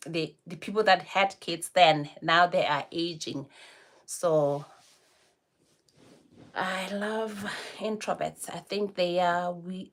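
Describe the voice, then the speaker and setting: Woman, 40s, from Botswana, livestream host, slow unhurried talk, slightly low voice. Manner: chatty and friendly, laughing often between remarks. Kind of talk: casual livestream chat, answering viewer comments.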